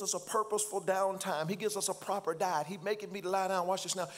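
A man preaching a sermon, calling for responses from the congregation and rising to shouts. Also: sits high, fairly even intonation, quick pace, hardly any pauses, faint music behind. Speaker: pastor. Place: church.

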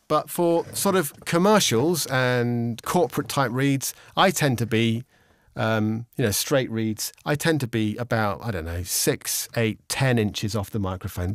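Relaxed man explaining studio technique. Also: mid-range voice, moderate pace, no room sound. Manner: relaxed, explanatory, many ums and restarts. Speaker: instructor. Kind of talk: casual instructional explanation. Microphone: studio condenser microphone with pop shield.

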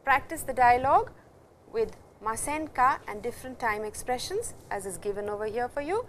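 A woman teaching a language lesson, explaining slowly and repeating each example sentence. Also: on the high side, expressive, a little hiss or hum, rough recording. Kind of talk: classroom lecture.

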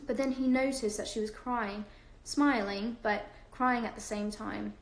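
A woman's voice: on the high side, steady tone, unhurried, echoey room, rough recording. A woman reading a novel aloud to viewers on a livestream, unpolished, with fillers and self-corrections.

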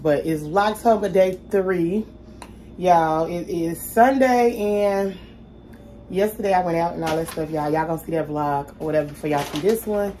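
In this laid-back cooking vlog, a woman with a lowish, warm voice talks directly to her audience as she makes dinner at home, repeatedly addressing them as "y'all." Her chatty delivery comes with a slight hiss or hum in the recording.

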